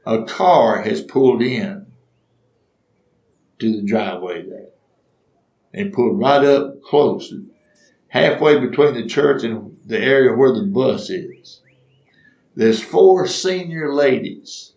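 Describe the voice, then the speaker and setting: A man's voice: medium pitch, vocal fry, darkish tone, roomy sound. An older man telling funny personal stories in a folksy way, acting out the voices. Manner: folksy, acts out voices, laughs at his own stories. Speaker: storyteller. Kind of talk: humorous personal storytelling.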